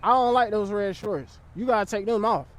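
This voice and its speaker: Guy putting on a smooth late night caller voice, slow low and seductive, pitched well down from his usual high voice. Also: dry recording, natural voice.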